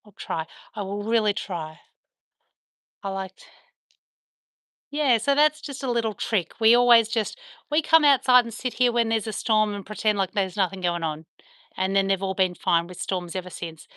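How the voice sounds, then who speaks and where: Bright-voiced Australian woman chatting on a livestream. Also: medium pitch, smooth, no room sound, clean studio sound. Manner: chatty, reads and answers viewer comments, soft baby talk to the dogs. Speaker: dog owner livestreaming with her dogs. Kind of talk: casual livestream chat with viewers. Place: at home on a veranda.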